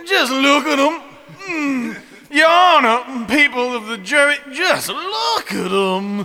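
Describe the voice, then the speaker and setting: A man's voice: extremely high pitch, animated, slow pace, sharp tone, big-room sound, exaggerated voice. A man playing a folksy, drawling prosecutor with a put-on Southern accent in a comedic improv courtroom scene. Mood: folksy smug. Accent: put-on American Southern. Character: folksy self-styled Southern lawyer, male, young adult.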